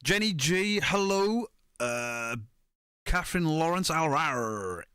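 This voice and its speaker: A man's voice: on the high side, animated, slow pace, sharp tone, clear, resonant tone, no room sound. A middle-aged man, chatting casually on a live stream, greeting viewers by name and swearing freely. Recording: close mic, dry room.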